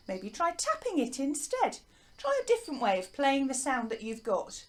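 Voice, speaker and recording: A woman teaching a lively music lesson to young children, encouraging them and chanting rhythms for them to copy. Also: sits high, moderate pace, slight background noise. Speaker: primary school music teacher.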